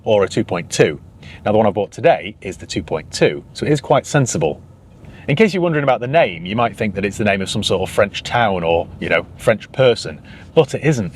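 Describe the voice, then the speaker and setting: A man's voice: mid-range voice, a little mellow, a little hiss or hum. Dry, joking Northern English man. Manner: dry, sarcastic humour. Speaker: used car dealer and channel host. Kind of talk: casual vlog to camera.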